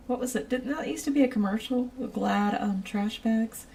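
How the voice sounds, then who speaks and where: A woman's voice: on the high side, moderate pace, warm tone, far from the mic, a little hiss or hum. A woman streaming a building game, rambling and giggling as she chats with her viewers. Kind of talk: casual chat while playing a building game.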